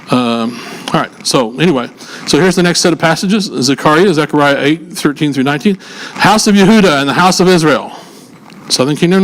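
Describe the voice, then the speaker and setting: Guy reading bible verses to a group, stops to joke and explain, kinda higher voice. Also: poor audio. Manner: reads verses aloud with casual asides to the audience; conversational, jokes with listeners. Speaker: Bible teacher. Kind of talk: scripture teaching session.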